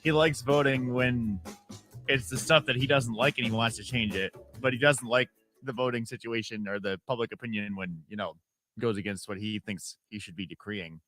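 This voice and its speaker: A man's voice: mid-range voice, normal speed, a bit bright, faint music behind. A man from upstate New York hosting a radio talk show, opinionated and rambling, with fillers and sarcastic asides. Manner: mocks others by putting on their voices. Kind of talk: casual call-in talk radio.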